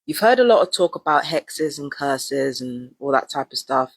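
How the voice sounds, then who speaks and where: A woman's voice: very deep voice, expressive, normal speed, breathy edge, no room sound. Woman rambling to camera. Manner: rambling and repetitive, casual slang. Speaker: vlogger. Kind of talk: casual monologue to camera.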